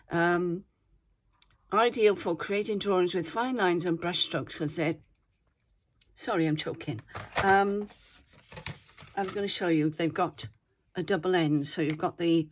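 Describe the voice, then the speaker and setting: A woman hosting a craft channel, chatting casually as she demonstrates her doodles and keeps checking in with viewers. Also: fairly low pitch. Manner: chatty, often checks in with "all right?".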